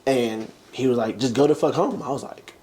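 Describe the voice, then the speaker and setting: A young American man with a medium-pitched, brisk and slightly mellow voice talks as an interview guest. He used to play college basketball, and he tells a long story casually, performing the quotes with big vocal jumps.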